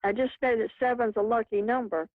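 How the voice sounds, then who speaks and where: A woman caller answering questions during a psychic reading, speaking in a measured, deliberate way. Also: a little high, fairly even intonation, dry recording. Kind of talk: phone-in conversation. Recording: tinny phone line.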